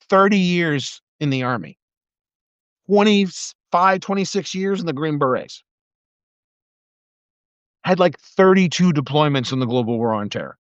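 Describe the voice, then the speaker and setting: With a slightly high, clean voice, a middle-aged man who once worked as a military investigator rants on a live stream about politics, angry, profane and sarcastic. A phone or webcam mic captures it, leaving the sound dry and a bit muffled.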